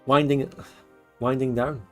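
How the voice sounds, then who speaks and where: A Scottish man hosting a relaxed late-night livestream, chatting frankly and laughing often. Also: medium pitch, unhurried, over music. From Scotland. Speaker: livestream host. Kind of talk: casual late-night stream chat.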